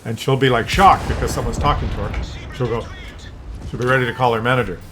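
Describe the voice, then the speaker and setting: A man's voice: medium pitch, steady tone, fast, over music. An older man talking in a loose, rambling monologue, often restarting words and acting out little scenes. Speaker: vlogger.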